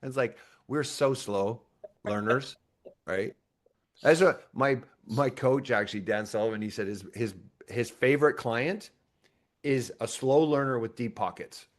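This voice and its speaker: A man hosting a podcast in a casual, conversational interview. He is animated and often laughs. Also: medium pitch, a little slow. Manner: animated, playfully acts out imagined dialogue; frequent restarts and laughter. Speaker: podcast host.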